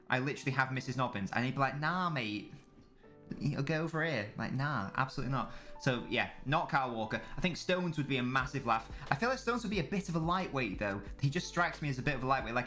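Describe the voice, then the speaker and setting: A man's voice: medium pitch, bright, forceful tone. A young man, casually chatting on a live stream about football, full of banter and swearing. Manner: banter-filled, swearing, answering chat. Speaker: streamer watching a football match.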